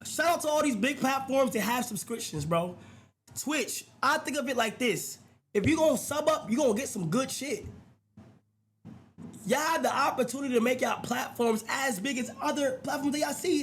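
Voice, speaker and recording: Man, higher voice, speaks straight to his audience, emphatic, faint background noise. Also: expressive, normal speed. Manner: addressing viewers directly, emphatic. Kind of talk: clip played on a podcast.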